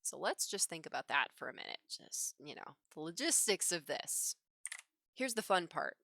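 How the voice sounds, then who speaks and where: Woman, lower-pitched voice, bright forceful tone, laughs between phrases, casual storytelling. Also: big pitch swings, moderate pace, creaky, no echo, clean studio sound. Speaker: livestreaming digital artist. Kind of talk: casual storytelling while drawing. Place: home drawing setup.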